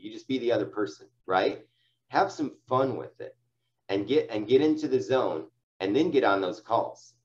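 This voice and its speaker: A man's voice: medium pitch, expressive, moderate pace, dull audio. A man giving casual, encouraging coaching to his sales agents, full of fillers and restarts. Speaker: sales team leader. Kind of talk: coaching talk on phone sales.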